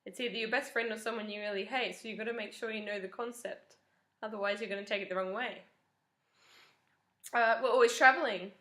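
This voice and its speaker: Chatty young Australian woman, bright voice. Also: mid-range voice, fairly even intonation, a little fast. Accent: Australian, softened. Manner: chatty, wry, self-deprecating. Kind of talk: casual to-camera talk. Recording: echoey room.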